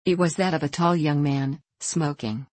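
A woman narrating a classic novel in a measured, even reading. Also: sits low, no room sound. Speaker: audiobook narrator. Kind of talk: scripted narration.

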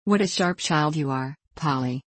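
Woman doing a fussy, petulant society girl, low voice, no room echo. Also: normal speed, slightly rough. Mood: fretful. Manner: petulant, fretful. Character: fashionable older girl, petulant and fretful.

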